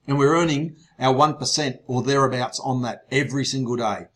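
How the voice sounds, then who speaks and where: A man hosting an online sales webinar, excitable and teasing, his voice growing loud as he gets worked up. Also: mid-range voice, fairly quick. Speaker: webinar host.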